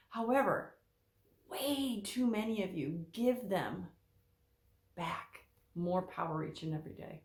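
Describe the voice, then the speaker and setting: A woman therapist speaking straight to her viewers, emphatic and animated, repeating her key points for weight. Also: on the low side, slow pace, pauses often, reverberant. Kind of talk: direct-to-camera talk.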